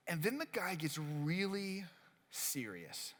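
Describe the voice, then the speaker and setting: A high, bright-toned man gives a casual youth sermon, chatty and full of "like". His voice rings with the long reverb of a worship hall. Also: animated, normal speed. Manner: chatty, leans heavily on "like", acts out quotes. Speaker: youth pastor. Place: worship center.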